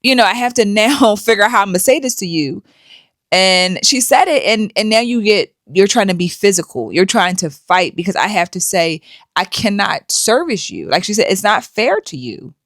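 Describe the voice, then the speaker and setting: A woman's voice: medium pitch, animated, moderate pace, fairly bright tone, no echo, clean studio sound. A woman hosting a commentary vlog, talking in a conversational, opinionated way with frequent fillers. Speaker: host.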